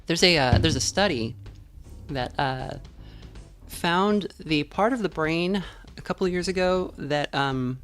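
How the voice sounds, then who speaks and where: This woman streamer has a low, unhurried voice and chats loosely while she plays, wandering off topic and filling gaps with lots of fillers. She records at home through a dynamic USB microphone, with faint game music underneath.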